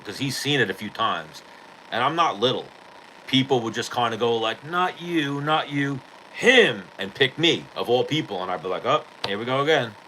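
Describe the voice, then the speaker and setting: A man with a fairly low voice tells stories on his podcast in loose, profanity-laden chat. He acts out what people said as he goes. There is a faint hiss of noise behind him. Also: poor audio. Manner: profane, animated storytelling with acted-out quotes. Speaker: podcast host. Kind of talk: casual storytelling chat.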